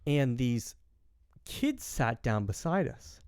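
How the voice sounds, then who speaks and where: A man's voice: mid-range voice, takes it slowly, clear, resonant tone, dry recording. Young man, from Canada, podcast host, rambling with fillers, dry close sound. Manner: rambling, filler-heavy, animated quoting. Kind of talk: casual storytelling chat.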